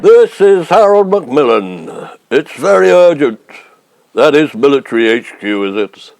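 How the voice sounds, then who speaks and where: Pompous old statesman, voiced by a man, clipped, blustering, low and gruff, dry close mic. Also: very animated, a little slow, a little mellow, dry recording, heavily acted. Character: pompous older male prime minister on phone.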